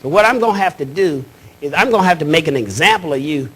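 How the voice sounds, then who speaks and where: A man's voice: on the high side, lively intonation, fast talker, a bit bright, husky, voice pushed down. A man doing a drawling small-town southern cop. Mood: threatening. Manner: drawling good-old-boy threats.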